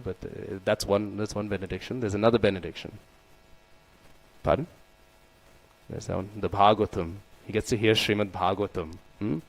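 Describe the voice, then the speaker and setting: In poor audio, a man with a gravelly voice on the low side delivers a sermon in a scripture class. He narrates a devotional story, voicing the quoted figures, and regularly asks his listeners questions with "right?" and "hmm?"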